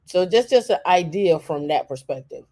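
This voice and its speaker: A co-host in casual talk while browsing on a shared screen, halting and thinking aloud with many fillers and restarts. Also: medium pitch, expressive, warm tone.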